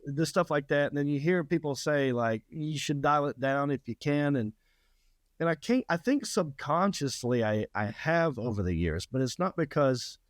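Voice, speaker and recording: A man's voice: on the high side, dry recording. Southern guy telling stories, kinda rambly, trips over words, dry sound. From North Carolina. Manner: rambling storyteller, stumbles and repeats words. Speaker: guest comedian. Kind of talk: casual chat.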